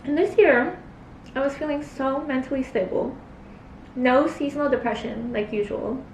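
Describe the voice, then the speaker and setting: A woman's voice: high voice, moderate pace. A young woman chatting in a rambling, filler-heavy way between bites while she eats on camera. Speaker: cosplay vlogger. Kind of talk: casual mukbang chat while eating. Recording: roomy, distant mic, faint hiss.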